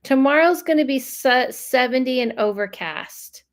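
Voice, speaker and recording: Loud, slow-talking woman chatting on a live stream. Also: high voice, expressive. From Los Angeles, USA. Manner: loud, chatty, trails off and restarts, laughs often. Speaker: psychic medium streaming live. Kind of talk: casual live-stream chat reading viewer comments.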